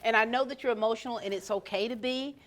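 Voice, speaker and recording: A woman's voice: on the high side, steady tone, fast, fairly bright tone, a little hiss or hum. Gushing woman interviewer. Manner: effusive, encouraging, rambling questions. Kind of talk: casual interview.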